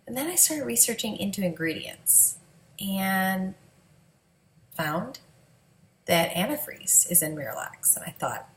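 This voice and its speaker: A woman's voice: mid-range voice, expressive, a little slow, long pauses, fairly bright tone, reverberant, rough recording. A woman, a mother, telling her family's story in a candid, emotional, conversational vlog.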